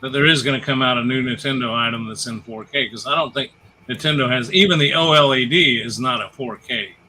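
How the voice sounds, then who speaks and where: A man's voice: mid-range voice, fairly quick, bright, forceful tone, a little hiss or hum, rough recording. A man co-hosting a casual gaming chat, telling long stories and jokes with many restarts. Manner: rambling storyteller, restarts and retells jokes. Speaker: podcast co-host.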